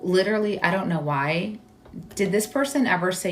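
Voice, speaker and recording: A woman hosting a live stream as a psychic medium, giving readings in a halting, searching way full of "like"s and growing emotional. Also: deep voice, soft background music. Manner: halting, searching delivery with many "like"s; emotional, tearful at moments.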